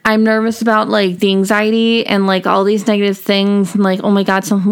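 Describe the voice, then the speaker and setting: A woman's voice: mid-range voice, little pitch movement, brisk, hardly any pauses, smooth. A young woman hosting a solo podcast, talking casually and rambling with lots of fillers and little laughs. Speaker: podcast host.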